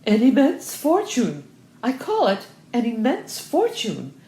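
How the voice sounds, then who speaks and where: A woman's voice: lowish voice, big pitch swings, measured pace, a little mellow. A woman reading aloud, voicing a chattering, emphatic older country lady who rambles through digressions. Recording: roomy echo.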